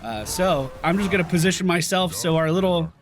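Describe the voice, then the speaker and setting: A man's voice: sits high, a little fast, soft background music. A man giving casual let's-play commentary, chatting through the abilities as he plays and reacting to the action. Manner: chatty, explains abilities while playing. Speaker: gameplay commentator.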